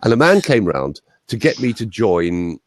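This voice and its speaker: A man with a standard Southern English accent and a fairly low voice that rises and falls a great deal. He tells stories with energy and slips into other people's voices. The sound is dry and close. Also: moderate pace, dry recording. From Ireland. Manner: animated storyteller, mimics voices. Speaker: voice coach. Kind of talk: interview, anecdotal chat.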